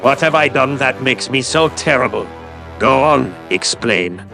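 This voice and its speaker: A man's voice: medium pitch, lively intonation, unhurried, gravelly, sharp tone, soft background music. A man giving a sarcastic, condescending callout commentary as a YouTube commentator.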